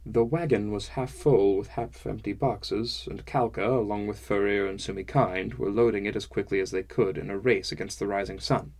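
A man narrating a first-person fantasy novel in a measured, wry storytelling manner. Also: fairly low pitch, steady tone, gravelly, darkish tone. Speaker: audiobook narrator.

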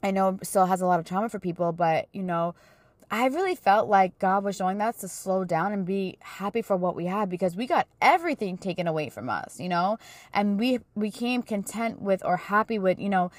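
A woman's voice: medium pitch, lively intonation, brisk, no echo. A young woman hosting a casual faith-based podcast, chatting with lots of "like" and "you know". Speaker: podcast host.

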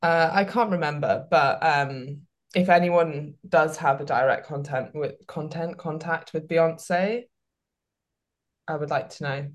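A woman's voice: low voice, unhurried. A woman hosting a podcast, chatting casually with lots of "like" fillers and reading out listener questions. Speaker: podcast host.

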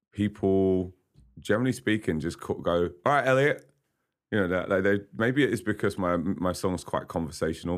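A man's voice: rumbling low, creaky. A man, a podcast guest chatting casually in a studio, rambling and laughing often. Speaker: podcast guest, singer-songwriter. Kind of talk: casual interview chat.

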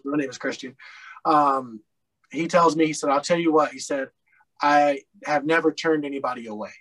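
A man's voice: fairly high pitch, normal speed, a bit bright, poor audio. A man from Colorado, a podcast guest telling his story in a candid, rambling way, with lots of fillers and blunt swearing. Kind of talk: casual storytelling interview.

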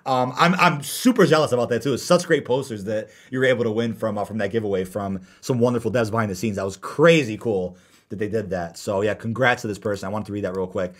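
A man hosting a casual podcast, reading out viewer comments and answering them in a lively way. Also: lowish voice. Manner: fast, animated, reads viewer comments aloud. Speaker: podcast host.

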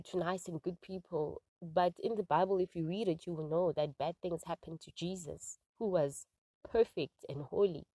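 A woman's voice: fairly low pitch, warm tone, no echo. A woman hosting a faith podcast, talking earnestly from her parked car without a proper microphone, with many fillers and repeats. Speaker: podcast host. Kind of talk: casual faith talk. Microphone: phone or built-in mic, no proper microphone.

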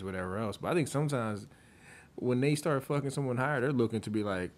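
A man co-hosting a podcast, giving blunt, profane opinions in a casual chat. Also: medium pitch. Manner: blunt, profane, quick agreeing interjections. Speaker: podcast co-host.

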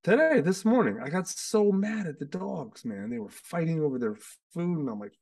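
A man's voice: fairly high pitch, expressive, normal speed, vocal fry, darkish tone, distant mic. A man hosting a casual, heartfelt conversation, rambling with lots of restarts and fillers. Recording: sits away from the mic.

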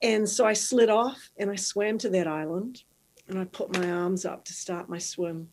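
Lively New Zealand woman telling stories. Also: mid-range voice, moderate pace. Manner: animated, lively storyteller who giggles easily. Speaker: guest, marathon swimmer. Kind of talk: storytelling in conversation.

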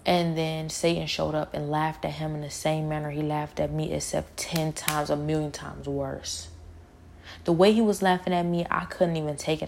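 A woman's voice: sits low, little pitch movement, normal speed, creaky, darkish tone, slight background noise. A woman telling a personal spiritual testimony in an earnest, emotional way, often repeating her words.

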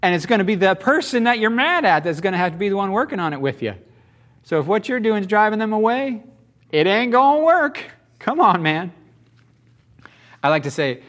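A man's voice: high voice, fairly bright tone. Folksy, conversational preacher man. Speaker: pastor. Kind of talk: sermon.

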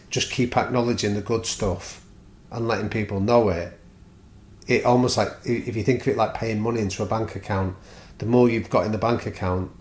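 A man, a podcast guest who tells stories and acts out the people he quotes. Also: on the low side. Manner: animated storyteller, acts out quoted exchanges. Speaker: guest speaker on culture and leadership. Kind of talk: podcast conversation. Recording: roomy echo.

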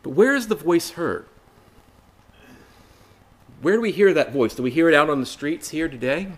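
Man, sermon, earnest, rhetorical questions, animated pitch. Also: moderate pace. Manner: earnest, rhetorical questions, repeats phrases for emphasis; addresses listeners as brothers and sisters. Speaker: bible study speaker. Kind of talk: bible study sermon.

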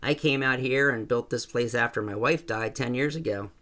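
A man voicing a blunt, joking older rancher who talks in a gruff, plainspoken way. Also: mid-range voice, normal speed, pushed and bright, close to an everyday voice. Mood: folksy.

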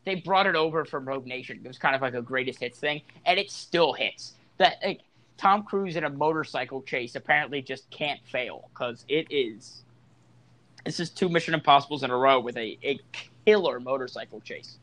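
A man's voice: medium pitch, moderate pace, fairly bright tone. A man hosting a casual movie review podcast, leading the talk with enthusiasm. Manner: enthusiastic, leads the discussion. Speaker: podcast host.

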